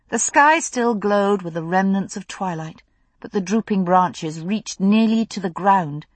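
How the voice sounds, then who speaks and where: A woman narrating a novel in an expressive storytelling way on a close studio mic. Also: mid-range voice, slightly rough, no echo. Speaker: audiobook narrator.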